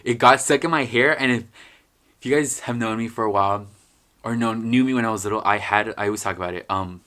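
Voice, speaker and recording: A young man vlogging in a casual, profane ranting style, heavy on fillers, with sudden loud outbursts. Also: fairly low pitch, quick pace. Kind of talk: casual vlog rant.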